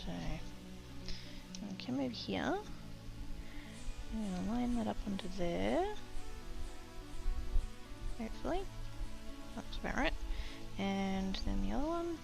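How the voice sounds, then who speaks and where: Lively chatty Australian woman. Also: medium pitch, unhurried, vocal fry, pauses often, over music, poor audio. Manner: chatty, laughs often, reads chat aloud. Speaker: crafting livestreamer. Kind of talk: casual chat while stamping.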